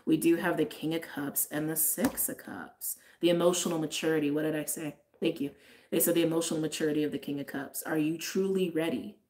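Low-voiced woman giving a tarot reading. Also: fairly even intonation, a little fast, darkish tone. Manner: chatty, lots of "like", frequent laughs. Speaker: tarot reader. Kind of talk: casual intuitive tarot reading.

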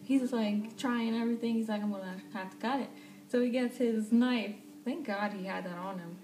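A young woman casually telling a storytime vlog, animated and swearing freely, laughing often. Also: on the high side, moderate pace. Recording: echoey room, faint background noise.

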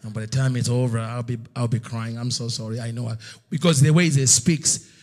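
A middle-aged male preacher telling a story in a sermon, swinging between loud slow outbursts and hushed near-whispers. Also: medium pitch, fairly even intonation. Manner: storytelling, acts out God's voice in loud slow bursts.

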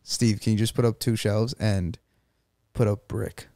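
A man co-hosting a podcast in a casual chat, answering with brief, laid-back replies in a gravelly voice. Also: on the low side, fairly even intonation, unhurried, mellow, no echo, clean studio sound. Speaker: podcast co-host.

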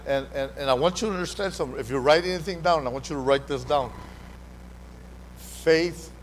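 A man preaching a sermon as pastor, animated, calling out to the congregation and repeating his words. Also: mid-range voice, slight background noise, poor audio. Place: church hall during a live service.

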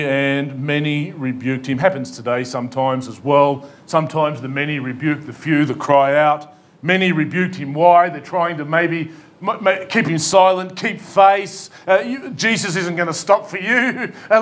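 Aussie pastor guy preaching, kinda high voice, pleading and punchy, asks the crowd stuff. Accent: Australian. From Australia. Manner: emphatic, pleading, with rhetorical questions and humor. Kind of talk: sermon. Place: church hall.

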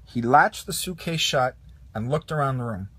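Expressive man reading a storybook aloud. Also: medium pitch, normal speed, husky, dry recording. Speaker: narrator. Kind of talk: storybook read-along.

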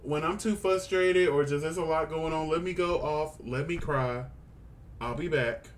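A man co-host with a slightly high voice talks in a calm, even way. He backs up his friend and speaks plainly, with no fuss. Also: normal speed. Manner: supportive, steady, affirming. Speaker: co-host of a reality show review podcast. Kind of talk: casual chat.

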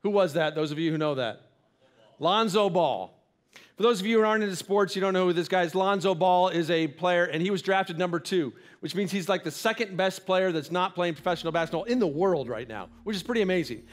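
A man's voice: sits high, expressive, brisk. A man giving an earnest, encouraging sermon as pastor in a church. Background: faint instrumental music.

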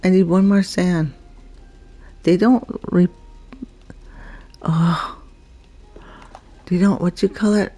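A woman talks her way through a video game in an unhurried, relaxed drawl. Her tone is soft and warm rather than bright, and she chats to the creatures on screen and giggles often. It is casual gameplay commentary. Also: on the low side, soft background music. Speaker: gameplay vlogger.

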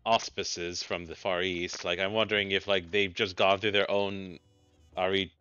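A man's voice: low-pitched, flat delivery, normal speed, sharp tone, clear, resonant tone, dry recording. A man casually commenting while playing a game, rambling and musing aloud with many fillers. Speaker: let's play gamer. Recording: dull lo-fi mic with faint game music.

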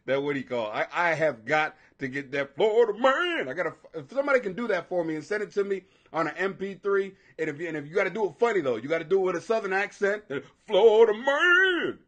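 This is a high-pitched man in his forties hosting his own live stream. His voice is bright and sharp, leaping all over the place as he rants. He swears constantly and laughs at his own jokes. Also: fast, hardly any pauses. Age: 40s. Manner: profane, loud, laughing, animated. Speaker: livestream host. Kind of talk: casual ranting commentary.

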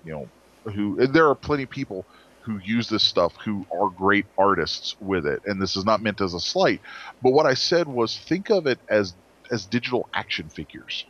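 A man's voice: lowish voice, lively intonation, moderate pace, a bit bright, dull audio. A man designer telling stories in a casual interview, rambling with restarts and acted-out quotes.

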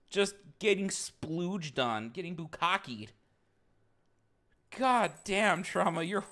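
A male streamer chatting with his viewers in a profane, excitable way, often bursting into loud outbursts. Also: high-pitched. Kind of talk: live-stream banter.

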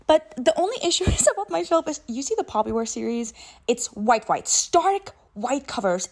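A woman's voice: on the high side, echoey room. A young woman chatting casually as a book vlogger, bubbly and chatty with dramatic exclamations, recorded in her bedroom. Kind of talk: casual vlog chat.

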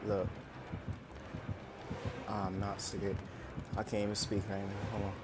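A man's voice: fairly low pitch, monotone, measured pace, heavy background noise. A man streaming a video game, repeating short phrases to himself as he plays. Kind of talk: casual gameplay commentary.

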